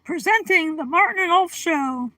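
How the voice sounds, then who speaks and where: A woman's voice: very high voice, expressive, moderate pace, pushed and bright, no room sound, rough recording. A woman hosting a casual livestream, chatting with viewers by name and giggling often. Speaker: livestream host. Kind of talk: casual live-stream chat.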